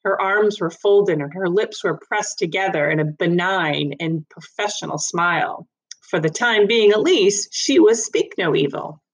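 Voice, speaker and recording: A woman reading a children's story aloud in an even, measured narration. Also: on the low side, slightly rough, poor audio.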